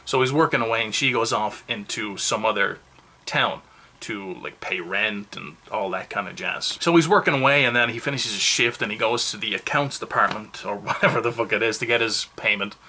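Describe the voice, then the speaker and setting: A man's voice: fairly low pitch, brisk, pushed and bright, slight background noise. A man giving a casual, rambling movie review, full of self-mocking asides.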